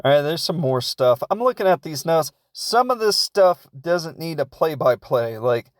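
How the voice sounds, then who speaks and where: A man's voice: fairly high pitch, very animated, moderate pace, no room sound, clean studio sound. Rambling jokey man recapping a movie. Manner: rambling, jokey, acts out characters' lines in quotes; laughs often at his own jokes. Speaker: podcast host reviewing a film. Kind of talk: casual comedic film recap.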